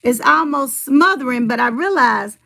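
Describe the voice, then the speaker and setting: A woman's voice: high-pitched, expressive, moderate pace, gravelly, sharp tone. A middle-aged woman rambling in casual livestream chat, telling family stories and answering her viewers' comments.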